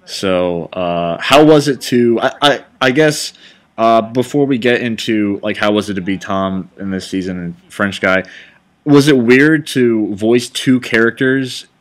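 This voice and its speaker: A man's voice: on the low side, measured pace. A man directing and hosting a casual commentary chat, rambling and enthusiastic as he talks.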